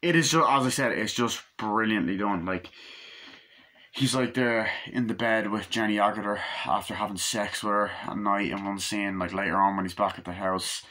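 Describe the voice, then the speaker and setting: Bright, rambling, foul-mouthed guy reviewing a film. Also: fairly low pitch, steady tone. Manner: rambling, profane, filler-heavy; acts out scenes with quick quoted voices. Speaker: movie reviewer.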